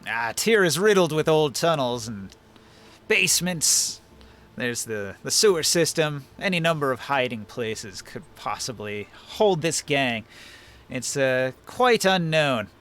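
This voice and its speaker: A man voicing an old male dwarf innkeeper who shares rumors in a measured, confiding tone. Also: mid-range voice, big pitch swings, a bit bright.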